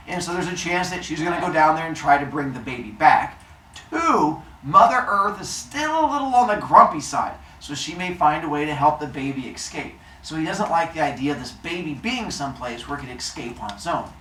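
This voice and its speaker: A man tells old myths to a live audience, playful and jokey, tossing questions out to the room. His pitch rises and falls with lively swings. The recording is echoey, from a mic some way off, with faint hiss. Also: fairly quick, recorded from a distance. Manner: playful, jokey, quizzes listeners. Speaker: storyteller.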